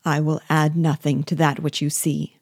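A woman reading the part of a passionate young man, loyal and quick to anger, with urgent, indignant questions. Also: low-pitched, flat delivery, darkish tone, slightly rough, dry recording, studio quality. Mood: sad.

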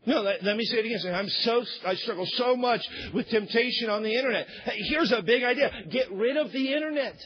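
A pastor preaching a sermon, emphatic, swinging between loud shouted points and low quiet asides. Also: male voice, brisk, few pauses, husky, dull audio.

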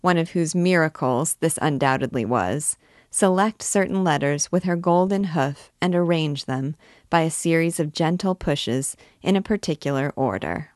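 A woman reading a classic novel aloud in a measured, expressive storytelling manner. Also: low-pitched, no room sound, clean studio sound. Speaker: reader.

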